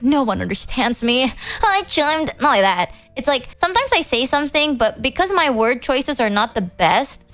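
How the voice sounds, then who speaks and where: A woman's voice: high-pitched, a bit bright. A young woman streamer talking casually to her chat, rambling and self-doubting, often restarting her sentences. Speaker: VTuber streamer.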